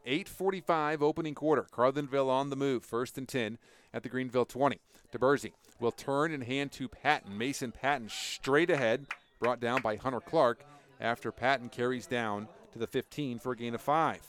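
A man calling a football game play-by-play on radio, rising to excited shouts on big plays. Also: medium pitch, normal speed. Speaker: play-by-play announcer.

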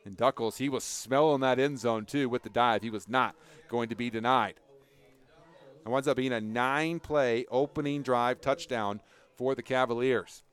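A man calling a football game play-by-play on radio, rising to excited shouts on big plays. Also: medium pitch, moderate pace, smooth. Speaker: play-by-play announcer.

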